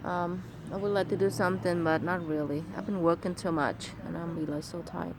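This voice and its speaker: A woman's voice: fairly low pitch, steady tone, a little fast, noisy background. A woman vlogging outdoors in her yard on a handheld phone, chatting in simple broken English and apologizing again and again. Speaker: vlogger and mother. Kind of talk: casual vlog chat.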